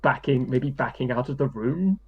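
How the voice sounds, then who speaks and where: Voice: medium pitch, moderate pace, breathy edge, muffled recording. A player in a tabletop role-play, giggly and hesitant, often laughing.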